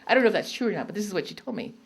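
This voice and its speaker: A woman's voice: mid-range voice, lively intonation, very fast, gravelly, a little hiss or hum. A woman poet at a public reading, telling rambling personal stories between poems and laughing often. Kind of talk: storytelling talk between poems.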